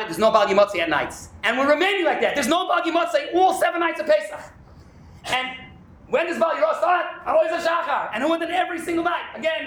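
A man teaching a Talmud class, talking in an animated way and often breaking into shouts. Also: extremely high pitch, slight background noise. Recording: echoey room.

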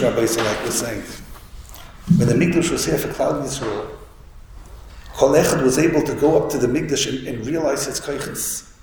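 Man teaching a Torah class, gravelly voice, very roomy hall, faint hum behind. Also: mid-range voice. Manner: storytelling, with many restarts and Hebrew and Yiddish terms. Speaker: rabbi giving a Torah talk. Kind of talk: Yiddish-inflected Torah lecture. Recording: echoey hall with faint room noise.

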